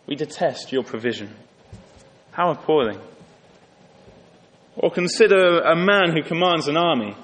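Earnest guy preaching, kinda high voice, big echoey hall, goes up n down for emphasis. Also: a little hiss or hum. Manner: earnest, rises for emphasis and drops low on solemn lines. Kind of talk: sermon. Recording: long hall reverb.

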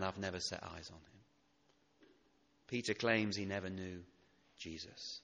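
Preacher with a bright voice in a reverberant church. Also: male voice, lowish voice, moderate pace. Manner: expressive, swinging from loud emphasis to hushed tenderness. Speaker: pastor. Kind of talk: sermon.

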